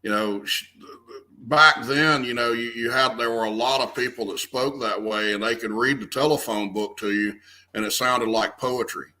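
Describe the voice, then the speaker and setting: In a conversational interview, an earnest guest from the American South, a man in his 50s, keeps restarting his phrases and leaning on key words. He speaks at a moderate pace in a steady, medium-pitched voice that is bright and forceful, captured on a low-quality recording.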